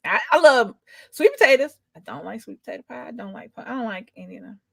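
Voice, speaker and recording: Chatty woman with a higher, dry voice. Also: lively intonation, quick pace, vocal fry, dry recording. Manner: chatty, drawling, rambling, emphatic. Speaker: co-host. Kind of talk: casual chat.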